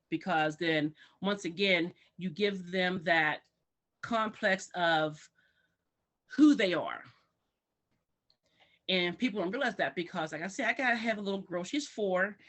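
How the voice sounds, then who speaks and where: A woman working in early childhood education appears as a talk show guest, animatedly acting out parents and children in exaggerated voices. Her voice is mid-range and a little slow.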